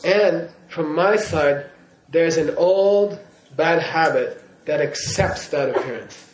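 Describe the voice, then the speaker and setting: A man's voice: fairly high pitch, takes it slowly. A man giving a Buddhist teaching in class, in a playful way, often checking in with his listeners. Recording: roomy hall echo.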